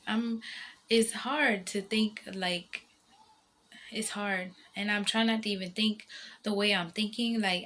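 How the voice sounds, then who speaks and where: A mother with a mid-range, fairly bright voice talks to her viewers in a casual vlog. She rambles emotionally, circling back on herself with lots of fillers and restarts.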